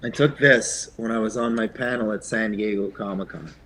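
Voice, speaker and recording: A man from Quebec, a guest actor, chatting in an interview in a soft-spoken way that often trails off, with plenty of ums and uhs. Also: lowish voice, normal speed, slight background noise. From Eastern Canada, Quebec. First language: French. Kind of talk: casual interview chat.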